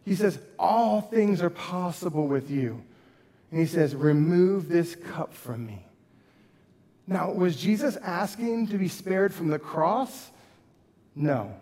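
A man's voice: sits high, expressive, takes it slowly, dark tone, big-room sound. A man preaching a sermon as pastor, earnest, rising and dropping his voice for emphasis. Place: church sanctuary.

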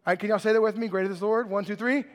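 A man preaching a lively sermon to a live congregation, joking with the crowd and often asking "right?". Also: high voice, very fast. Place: large church hall with congregation. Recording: long hall reverb.

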